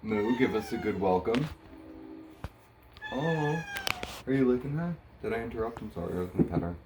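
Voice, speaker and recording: A man's voice: on the low side, expressive, a little fast, over music, poor audio. A man co-hosting a casual home video with his partner and their cats, talking in a playful, mock-dramatic way. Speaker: co-host, cat owner.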